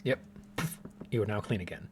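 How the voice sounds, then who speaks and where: A man narrating a tabletop game as game master, describing scenes in a relaxed way with filler words. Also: fairly low pitch, brisk.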